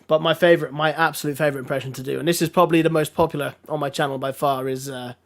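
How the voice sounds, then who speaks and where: A hoarse man chats casually as a podcast guest, rambling and laughing as he goes. His voice sits a little high and has a gravelly edge. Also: fairly even intonation, racing. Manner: chatty, laughs often, restarts. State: hoarse from a throat infection. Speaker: guest streamer.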